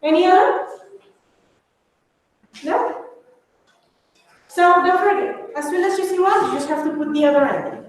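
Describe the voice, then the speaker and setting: A woman's voice: very high-pitched, measured pace, pauses often. A woman whose first language is Spanish teaching an English grammar class, mixing Spanish into her explanations and calling her students babies. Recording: echoey room, far from mic, faint noise.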